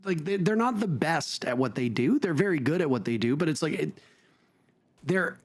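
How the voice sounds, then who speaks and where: A man's voice: on the high side, animated, normal speed. A man casting an esports broadcast, chatting loosely and correcting himself as he goes. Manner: chatty, rambling, self-correcting. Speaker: esports caster. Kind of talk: casual broadcast banter.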